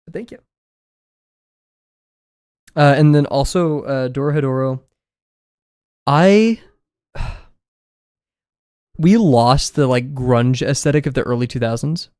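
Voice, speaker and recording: A man's voice: medium pitch, measured pace, pauses often, darkish tone, smooth, no room sound, studio quality. Rambling man chatting on a drawing stream. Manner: rambling, self-deprecating, chatty. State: slightly scratchy voice. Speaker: art livestreamer. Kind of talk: casual live-stream chat while drawing. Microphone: desk mic, no camera.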